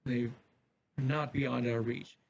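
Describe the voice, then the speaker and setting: A man voicing a grave male headmaster who gives a solemn, measured address to his students, recorded from a distance in an echoey room with faint ambience. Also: mid-range voice, level tone, vocal fry, lo-fi sound, slight background noise.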